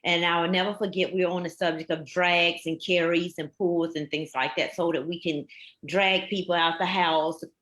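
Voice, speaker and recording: A woman's voice: on the low side, fairly even intonation, moderate pace, a bit bright. A woman, a fire captain on a panel, telling her story earnestly and emphatically, with many repetitions. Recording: echoey room.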